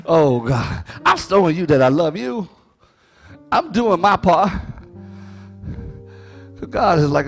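A middle-aged man preaching a sermon, swinging from soft asides to shouted, half-sung phrases. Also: on the high side, animated, slow pace, long pauses, faint music behind. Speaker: pastor.

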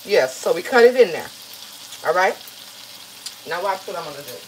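A woman's voice: fairly low pitch, sing-song, moderate pace, slight background noise, low-quality recording. A woman, chatting playfully to viewers as she cooks in her home kitchen. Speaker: home cook hosting a recipe video. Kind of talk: casual cooking vlog chat to viewers.

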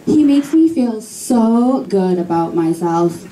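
A young woman with a Boston accent doing a stand-up comedy set with slow, deadpan delivery on a club stage. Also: medium pitch. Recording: echoey club from far off, faint noise.

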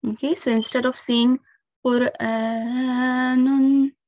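A woman gives a recitation lesson, walking through each rule with patient, careful explanation. Her voice sits fairly high and she speaks very slowly and deliberately. The recording is dull and lo-fi. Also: darkish tone, no echo. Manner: patient, careful step-by-step explanation with frequent 'um' and 'okay'. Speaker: Quran recitation teacher. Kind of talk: instructional lesson.

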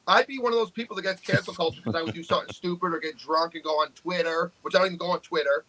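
A man's voice: fairly high pitch, fast, sharp tone, rough recording. A man, co-hosting a podcast with brash, profane trash talk. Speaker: podcast co-host, arm wrestler. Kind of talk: casual podcast chat.

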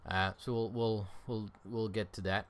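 Man, very low voice, tired, rambling gameplay commentary, faint keyboard clicks behind. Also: fairly even intonation, measured pace, a little hiss or hum. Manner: rambling, thinking aloud with many fillers. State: tired, yawning. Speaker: game streamer. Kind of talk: casual let's-play commentary.

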